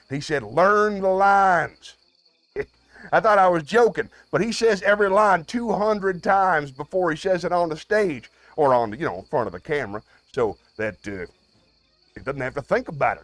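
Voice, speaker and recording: Man, high voice, streamer chat, playful, dry close sound. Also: no room sound. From United States. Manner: playful, swings between loud outbursts and low mutters. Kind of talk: live stream chat with viewers.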